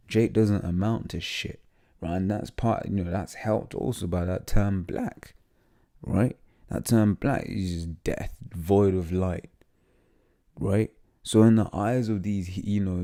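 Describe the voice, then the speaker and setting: Low gravelly man preaching haltingly. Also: mellow. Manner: halting, many fillers and tag questions; reads text aloud haltingly. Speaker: lay preacher. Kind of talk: informal scripture teaching.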